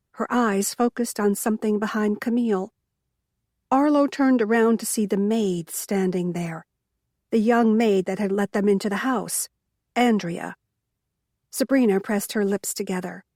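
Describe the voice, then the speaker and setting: A woman narrates a small-town mystery in a measured, even storytelling voice. Her pace is slow, and the recording is dry and close. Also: medium pitch, no room sound. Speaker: audiobook narrator. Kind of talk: scripted narration.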